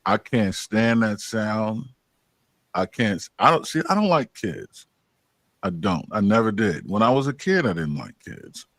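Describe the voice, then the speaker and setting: A man's voice: fairly low pitch, sing-song, a little slow, fairly bright tone, no echo. A man giving his view emphatically and candidly as a panelist.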